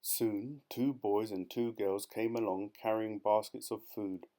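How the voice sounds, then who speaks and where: A man reads a children's storybook aloud for an audiobook, his voice fairly low and his pace unhurried. His delivery is lively and expressive, building along with the action.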